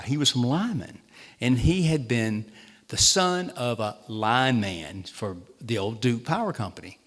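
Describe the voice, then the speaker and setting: A Southern-accented man, a state treasurer, tells funny, self-deprecating stories at a town hall meeting. His voice is medium in pitch with a fairly bright tone. The hall gives the recording a long reverb.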